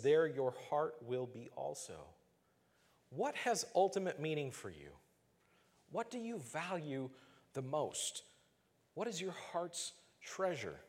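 A man preaching a sermon as pastor, earnest and measured, slowing down to stress key phrases. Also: fairly high pitch, long reverb tail.

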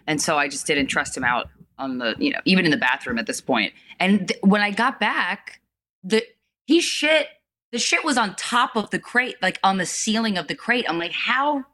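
Bright-voiced young woman, lowish pitch. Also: animated, moderate pace. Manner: candid, laughing, blunt storyteller. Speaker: podcast guest. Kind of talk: casual chat over video call. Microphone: video call.

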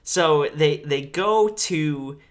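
A man's voice: on the high side, very slow. A man co-hosting a podcast, chatting casually about a movie. He swears freely and slips into goofy voices for the characters. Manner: animated, profane, does silly impressions of characters. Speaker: podcast co-host. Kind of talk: casual chat recapping a movie.

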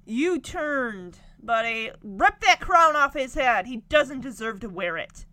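A young woman with a high voice casually recaps a sitcom episode. Her tone swings widely, and she moves between quick asides and mock outrage. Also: no echo. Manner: animated, indignant storytelling. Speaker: TV show recapper.

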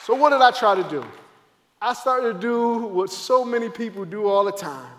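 A man, a former football player, giving an emotional faith testimony, dramatic and acting out moments as his voice swings between loud and hushed. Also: sits high, moderate pace, in a large hall, some chatter behind.

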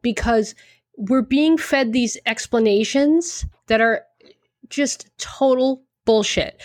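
A woman's voice: fairly high pitch, slow pace, darkish tone, no room sound, clean studio sound. A woman co-hosting a casual talk show, blunt and emphatic, swearing freely as she gives her opinions. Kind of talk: casual chat.

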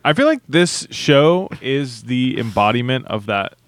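A laid-back man co-hosting a podcast, tossing in short wry remarks. His voice sits at a middle pitch. The sound is dry and close. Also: expressive, measured pace, no room sound. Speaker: podcast co-host. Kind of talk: casual chat.

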